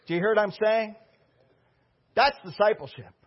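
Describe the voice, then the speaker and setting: A man preaching a sermon as pastor, impassioned, swinging between loud declarations and hushed asides. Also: sits high, normal speed, muffled recording.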